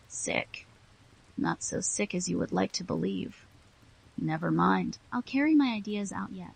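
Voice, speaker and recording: A woman's voice: medium pitch, vocal fry, a little mellow, husky, heavily acted, rough recording. A woman reading the lines of a feverish, grandiose dying man who insists he will return. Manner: pleading then stubborn, insistent.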